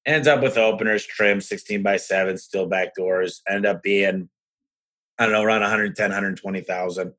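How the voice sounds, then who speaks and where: A man hosting a podcast and telling business stories in an energetic, frank, rambling way. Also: lowish voice, moderate pace. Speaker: podcast host and business owner. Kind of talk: casual conversational storytelling.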